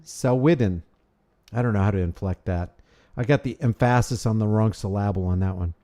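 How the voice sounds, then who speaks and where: A man's voice: fairly low pitch, fairly quick, warm tone. A man hosting a casual livestream, rambling and thanking viewers by name as he reads their messages. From United States. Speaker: livestream host. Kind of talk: casual livestream chat reading super chats.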